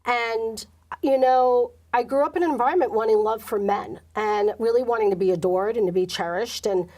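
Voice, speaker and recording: A woman's voice: fairly high pitch, normal speed, darkish tone. A middle-aged woman, an interview guest, candidly telling an emotional personal story and acting out the quoted dialogue.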